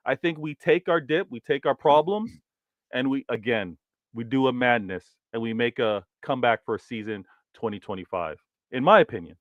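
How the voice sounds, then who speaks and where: A man co-hosting a football podcast, giving his opinion in a measured way. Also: medium pitch, no echo. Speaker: podcast co-host. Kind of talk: casual football debate. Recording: dull dry remote mic.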